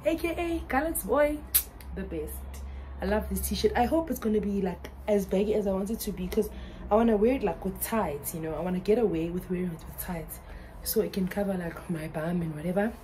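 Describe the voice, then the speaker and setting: Excitable South African woman vlogger. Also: mid-range voice, a little fast, a little hiss or hum, low-quality recording. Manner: excitable, laughs often, mixes English and Zulu. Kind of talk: casual vlog chat.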